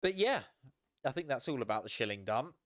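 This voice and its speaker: A tired young man chatting casually as a sim racing streamer, relaxed and rambling with frequent chuckles. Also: medium pitch, brisk, no room sound, studio quality. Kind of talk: casual live stream chat.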